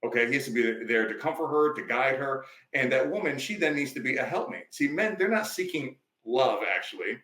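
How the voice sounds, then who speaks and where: A man's voice: mid-range voice, expressive, fairly quick, hardly any pauses, bright, forceful tone, echoey room, low-quality recording. A male life coach, a podcast guest, telling stories emphatically in a preachy, conversational way.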